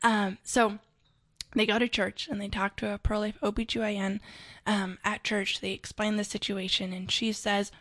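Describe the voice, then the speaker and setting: A woman's voice: mid-range voice, level tone, normal speed, fairly bright tone. A woman guest in an interview, telling her own story earnestly with frequent fillers and restarts. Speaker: interview guest, pro-life advocate.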